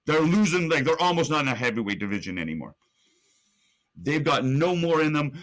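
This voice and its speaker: This young podcast co-host talks fairly quickly in a fairly high, bright voice with big pitch swings. He's spinning an animated blow-by-blow account of an imagined match, pumping up excitement with abrupt jumps in his voice.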